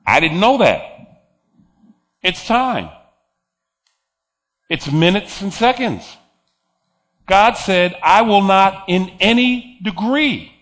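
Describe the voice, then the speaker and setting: A man's voice: sits high, sing-song, takes it slowly, pauses often, fairly bright tone. A man preaching a sermon, emphatic, repeating phrases and chuckling between points.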